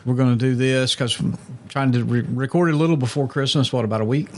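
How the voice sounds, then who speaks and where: A man's voice: mid-range voice, fairly even intonation, quick pace, a little mellow. A man hosting a casual podcast chat in a small studio, teasing and joking with his guests. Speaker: podcast host.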